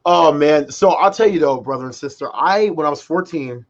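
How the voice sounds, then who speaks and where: With a fairly high pitch and moderate pace, this twentysomething podcast co-host tells meandering stories over dull-sounding audio. He's excitable and casual, leaning constantly on fillers such as "like" and "freaking."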